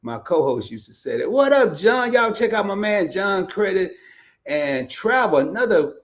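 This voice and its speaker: Guy from arkansas, high lively voice, chatty stream host, laughs and stumbles through his stories. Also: moderate pace. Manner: animated storytelling with laughs and repeated restarts. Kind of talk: casual livestream chat.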